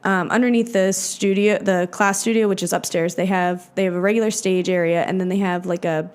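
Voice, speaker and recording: A woman's voice: mid-range voice, steady tone, fairly quick, smooth. A woman in her twenties co-hosting a podcast, chatting casually with lots of "like" fillers and loose swearing. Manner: chatty, filler-heavy, swears freely, acts out quotes. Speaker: podcast co-host. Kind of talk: casual chat.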